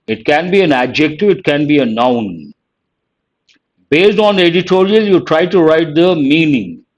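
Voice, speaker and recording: Male teacher, slightly high voice, very slow and deliberate, dull lo-fi stream audio. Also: lively intonation. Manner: slow, deliberate, reading out words one at a time. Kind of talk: live online vocabulary lesson.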